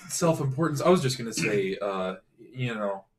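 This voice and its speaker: A man's voice: mid-range voice, expressive, moderate pace, slight background noise. A man playing a tabletop game, hesitant and self-correcting as he talks in character. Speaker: player.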